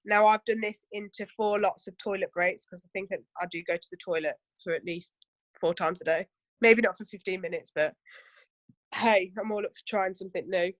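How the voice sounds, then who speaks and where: A woman's voice: medium pitch, a little fast, no room sound. A woman running a casual training session for her team, chatty and full of asides and rhetorical questions.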